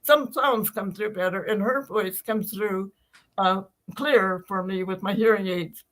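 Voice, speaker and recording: A woman's voice: medium pitch, measured pace, fairly bright tone, rough recording. An elderly woman chatting as a podcast guest, rambling with restarts and telling stories. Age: older. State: uses hearing aids. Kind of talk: casual chat.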